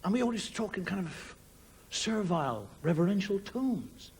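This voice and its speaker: A high-pitched, sing-song voice with creak and a breathy edge carries this middle-aged Irish comedian's wry stand-up story, told at a moderate pace with acted-out voices. The recording is a 1990 TV broadcast from a studio, with audience noise and laughter behind him.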